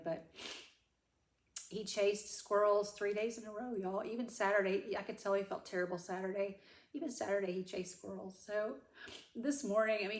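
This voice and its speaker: Lady vlogging thru tears, gravelly voice, kinda echoey room, rambles a lot. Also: medium pitch. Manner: rambling, self-correcting, Southern "y'all". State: crying. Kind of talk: tearful personal update to camera.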